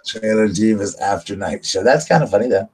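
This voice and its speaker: A man's voice: on the low side, a little fast, darkish tone, breathy edge, low-quality recording. A man hosting a casual live stream, rambling and chatting to his viewers. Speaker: livestream host.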